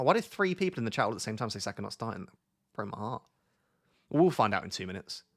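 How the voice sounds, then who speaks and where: A man's voice: fairly low pitch, creaky. A young British man hosting a casual live stream, chatting and reading out questions from his viewers. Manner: chatty, reads chat questions aloud. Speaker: streamer host.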